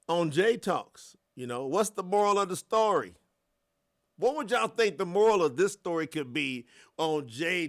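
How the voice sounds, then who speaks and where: A man in his thirties from the US South with a Southern accent, hosting a livestream and chatting with his viewers in an animated way. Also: sits high. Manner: animated, laughing, talks to the chat. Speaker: life coach, livestream host. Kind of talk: casual livestream chat.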